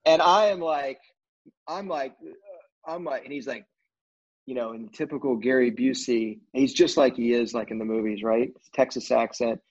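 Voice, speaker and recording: A man's voice: medium pitch, normal speed, a little mellow. Rambling middle-aged man telling stories. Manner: rambling, heavy on fillers like "you know". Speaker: film crew guest. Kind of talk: casual anecdotal storytelling. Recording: dull lo-fi recording.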